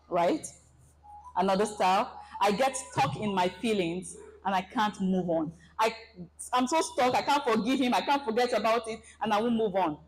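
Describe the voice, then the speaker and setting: Woman, seminar presenter, lively, dramatizes scenarios, mid-range voice. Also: mid-range voice, normal speed, a little hiss or hum, low-quality recording. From Nigeria. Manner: animated, acts out scenarios. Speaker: relationship seminar speaker. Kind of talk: presentation talk to an audience.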